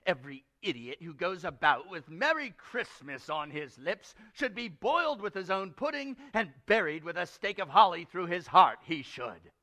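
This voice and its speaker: Give me a scornful, indignant old miser, as a preacher reads him aloud. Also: male voice, a little high, big pitch swings, takes it slowly, a bit bright, heavily acted. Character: grumpy miserly old man.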